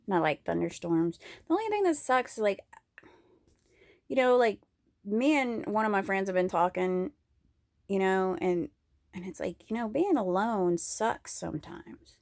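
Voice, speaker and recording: A woman chats on camera from her home in a loose, rambling monologue, candid and profane, laughing often as she goes. Her mid-pitched voice carries a gravelly fry. The recording is close and dry, with no room sound. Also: lively intonation, a little slow, darkish tone, no echo. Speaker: vlogger.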